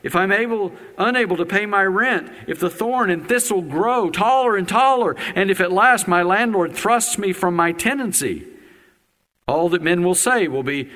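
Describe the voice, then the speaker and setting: A pastor preaching a sermon, a man whose fairly high voice has a bright, forceful edge. He moves between loud exclamations and low, quiet asides. A long reverb from a large church sanctuary trails behind each phrase. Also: animated, moderate pace.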